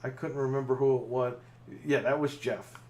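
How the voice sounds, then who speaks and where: A man's voice: medium pitch, steady tone, normal speed, darkish tone, a little hiss or hum. A man co-hosting a gaming podcast, telling stories in casual chat while playing, swearing freely. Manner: swearing, storytelling with laughs. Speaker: podcast co-host.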